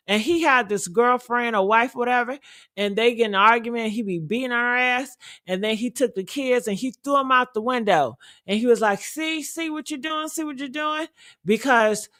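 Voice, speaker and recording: A woman's voice: mid-range voice, fairly bright tone. A woman hosting a celebrity gossip show, ranting bluntly and heatedly with lots of profanity. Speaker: commentary podcast host. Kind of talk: casual celebrity gossip commentary.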